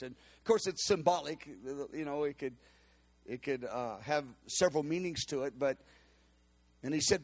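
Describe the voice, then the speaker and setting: Animated, high-voiced man telling a testimony. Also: moderate pace. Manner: animated, acts out quotes with cries and laughs. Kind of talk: storytelling testimony.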